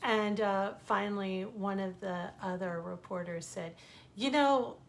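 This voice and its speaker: A woman's voice: mid-range voice, measured pace, a little hiss or hum. A middle-aged American woman telling stories from home in a casual, chatty way, acting out the voices of the people she quotes. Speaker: author reading stories online. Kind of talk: casual storytelling.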